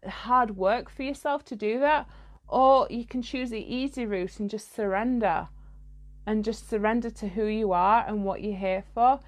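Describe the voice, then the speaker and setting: A woman's voice: on the high side, normal speed. A woman, a spiritual coach giving a blunt, casual podcast monologue, swearing freely and laughing mid-sentence.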